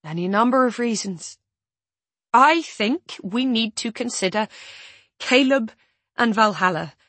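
A woman's voice: fairly high pitch, expressive, unhurried, a bit bright, dry recording, pitched above the performer's own voice. A woman voicing an insistent adult female friend who presses hard for answers, sounding exasperated.

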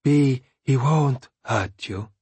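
A man voicing a calm, wise man who speaks quietly and slowly. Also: medium pitch, husky, dry recording. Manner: quiet, slow.

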